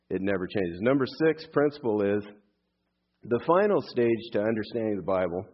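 A man's voice: lowish voice, highs cut off. Older man preaching a chatty sermon. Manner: conversational, with fillers and asides. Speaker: pastor.

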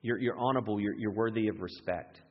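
A man preaches a sermon with a low, husky voice, acting out eager quotes with sudden high leaps in pitch. The sound is dull and lo-fi, with a long echo from a large hall. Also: fast. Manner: animated, acts out excited quotes with big pitch jumps. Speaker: pastor.

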